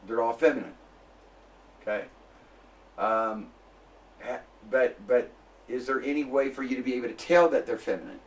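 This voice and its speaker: A man lecturing a classroom, slowly spelling out sounds and checking in with his students. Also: mid-range voice, distant mic.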